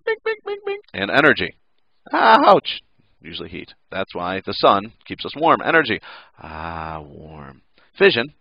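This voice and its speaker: A man's voice: fairly low pitch, vocal fry, dull audio. A male teacher giving a casual recorded lesson, joking and making playful sound effects.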